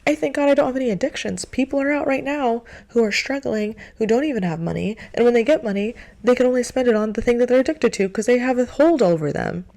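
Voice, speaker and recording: A woman's voice: on the high side, fast talker, hardly any pauses, warm tone. A young woman vlogging a casual, earnest monologue of faith-filled encouragement, repeating herself for emphasis.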